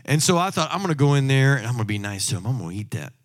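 Animated preacher man with lively delivery. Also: mid-range voice, rapid-fire. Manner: emphatic, swings from loud exhortation to quiet asides, tells humorous personal stories. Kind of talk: sermon.

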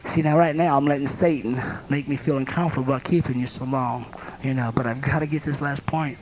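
A man preaching a sermon as a pastor and counselor, telling lively stories that act out little scenes with sound effects and laughing between his points. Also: mid-range voice, fast talker, slight background noise, poor audio.

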